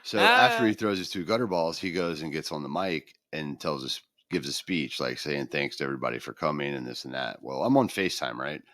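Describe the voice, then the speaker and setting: A man's voice: extremely low pitch, fairly quick, few pauses, no echo, clean studio sound. A middle-aged man co-hosting a podcast, chatting casually and acting out the people in his stories. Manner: animated storyteller, acts out quoted voices. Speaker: podcast co-host. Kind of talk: casual chat.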